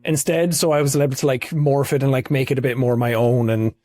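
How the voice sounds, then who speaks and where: A man's voice: mid-range voice, little pitch movement, brisk, a little mellow. An Irish man in his thirties, a guest in a casual interview, talking openly and thoughtfully at length. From Ireland. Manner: reflective, talks openly and at length.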